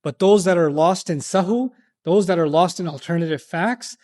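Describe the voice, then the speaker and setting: High-voiced animated male lecturer. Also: normal speed. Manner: animated, acts out quoted voices and asks rhetorical questions. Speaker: Islamic lecturer. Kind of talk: lecture on Quran verses to a live audience.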